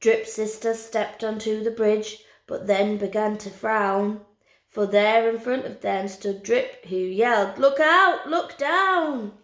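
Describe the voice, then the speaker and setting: Slow, expressive woman reading a storybook aloud. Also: mid-range voice. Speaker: teacher. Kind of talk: reading a picture book aloud. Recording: roomy echo.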